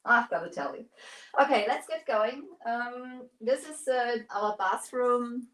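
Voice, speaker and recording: A woman's voice: fairly high pitch, lively intonation, takes it slowly, fairly bright tone. A middle-aged woman from Germany, a native German speaker, chatting casually on a live stream while demonstrating furniture painting, with lots of fillers and restarts. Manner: chatty, hesitant with many fillers, greets viewers.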